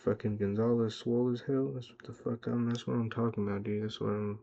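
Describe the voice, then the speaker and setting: A young man with a gravelly, low voice that stays flat and warm as he rambles. He swears freely and pumps himself up in a casual vlog monologue. The sound is dull and lo-fi, recorded in a car. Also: fairly quick. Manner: rambling, profane, self-hyping. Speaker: vlogger.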